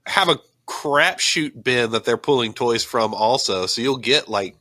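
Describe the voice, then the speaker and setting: Bright-voiced man chatting casually. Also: medium pitch, measured pace, no echo, clean studio sound. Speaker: podcast co-host. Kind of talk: casual chat.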